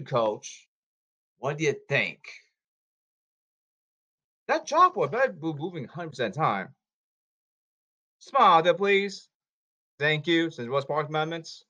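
Man, rambling repetitive orders, pitch jumping all over, loud then quiet. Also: very animated, slow, pauses often, muffled recording. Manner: repetitive, issuing commands and calls. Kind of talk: rambling monologue.

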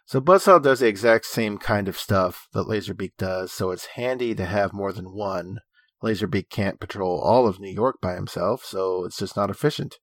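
A man co-hosting a podcast, recapping episodes in a steady, informative way with dry humor. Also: lowish voice, normal speed, no echo. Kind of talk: casual recap narration.

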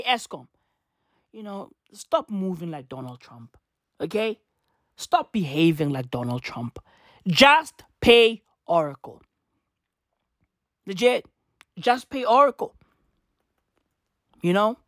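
Brief: South African woman, late twenties, exasperated vlogger, heavy swearing, repeats herself, slightly low pitch, dry recording. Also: dry recording. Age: 20s. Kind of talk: profane ranting monologue.

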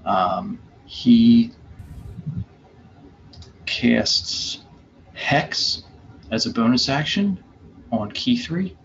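A male game master narrates a tabletop session slowly, stumbling over fillers and restarting his sentences. The recording is a bit dull and lo-fi, with faint noise in the background. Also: mid-range voice, sing-song, creaky. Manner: hesitant, many fillers and restarts.

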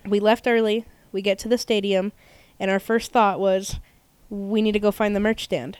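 A young woman rambles through a story as a podcast co-host, tossing in fillers as she goes. Her voice is smooth and clear, recorded dry and close with no room sound. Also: medium pitch, fairly even intonation, moderate pace, darkish tone, no echo. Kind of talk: casual chat.

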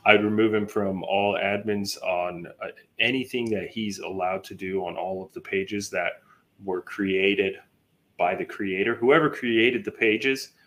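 Low-voiced man chiming in on a podcast. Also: steady tone, measured pace, a bit bright. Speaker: podcast co-host. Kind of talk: casual podcast chat.

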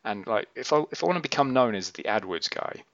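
In a casual chat, a podcast host with a mid-range, fairly bright voice talks fast and animatedly, rambling and correcting himself while acting out quotes to explain. There's no echo, but the sound is dull and muffled.

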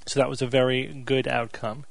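Guy hosting a chat podcast, kinda gravelly, dry close sound, laid back explaining stuff. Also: mid-range voice, little pitch movement, normal speed, no echo. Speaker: podcast host. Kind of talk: casual chat.

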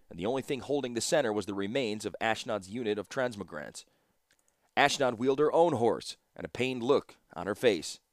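A man giving scripted audiobook narration in a steady storytelling manner. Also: mid-range voice, no room sound, clean studio sound.

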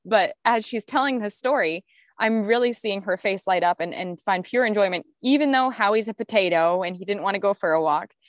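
A woman's voice: mid-range voice, a little fast, no echo. A supportive woman co-host chats casually on a podcast and laughs along with her partner's story. Her voice sounds dry and close, with no room sound around it. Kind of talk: casual chat.

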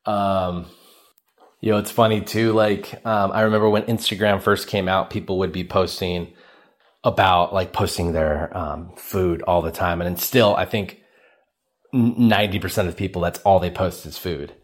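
A man's voice: low voice, moderate pace. A young man hosting his own podcast, telling comic stories in a rambling, self-mocking way and acting out what people said. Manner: rambling, animated, self-mocking, acts out quotes. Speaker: podcast host. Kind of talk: solo comedic storytelling podcast. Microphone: cheap podcast microphone.

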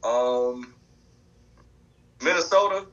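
A man co-hosting a sports podcast, talking in an animated, emphatic, trash-talking way. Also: mid-range voice, drawn-out words, lo-fi sound. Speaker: podcast co-host. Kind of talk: casual sports chat.

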